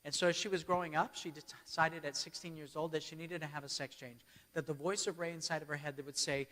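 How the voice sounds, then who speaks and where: A man's voice: on the high side, steady tone, fast talker, fairly bright tone. A man giving a church keynote as a storytelling sermon, often checking in with his audience. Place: church hall. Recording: long hall reverb.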